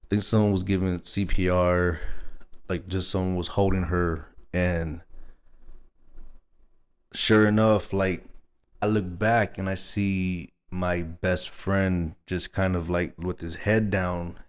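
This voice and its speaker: The same young Texan now speaks slowly in a low, clean voice with little pitch movement. His personal story is rambling, casual and laughing, thick with "like" and "you know what I mean."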